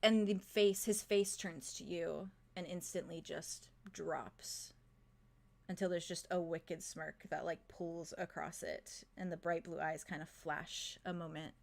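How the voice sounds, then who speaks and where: A woman as game master narrating a tabletop game, halting and full of fillers. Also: lowish voice, fairly even intonation, gravelly.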